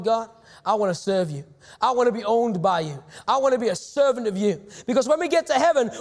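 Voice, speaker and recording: A middle-aged male pastor preaching a sermon, emphatic, with sudden shouts and slowed, repeated phrases. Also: very high voice, big-room sound.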